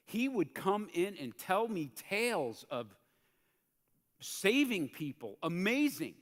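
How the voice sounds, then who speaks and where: A man preaching a sermon as a pastor in a church, in a conversational, animated way that acts out the quotes he tells. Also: high-pitched, slow pace. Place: church sanctuary. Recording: church hall reverb.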